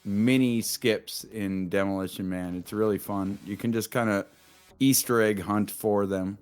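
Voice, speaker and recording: A man's voice: on the low side, steady tone, measured pace, darkish tone, clean tone, faint music behind. A man casually commenting on his own speedrun, laid-back and giggly, rambling a little. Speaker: speedrunner in the race. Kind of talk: casual commentary while playing.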